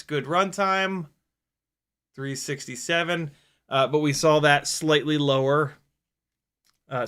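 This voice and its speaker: A man vlogging as he flies a small drone, talking to himself in casual commentary with quick exclamations and the odd swear word. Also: fairly high pitch, fairly bright tone, clean tone. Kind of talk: casual commentary while flying.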